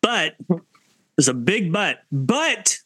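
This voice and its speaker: A man co-hosting a sports podcast in casual chat, animated and talkative, often cutting in. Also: high-pitched, slow, breathy edge, dry recording. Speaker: podcast co-host and team site writer.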